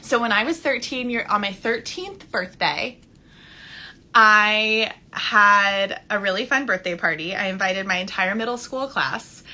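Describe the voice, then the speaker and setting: Woman, thirties, spiritual coach, casual live-stream chat, enthusiastic, laughs a lot, bright voice, phone mic. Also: a little high. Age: 30s. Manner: warm, enthusiastic, laughs often.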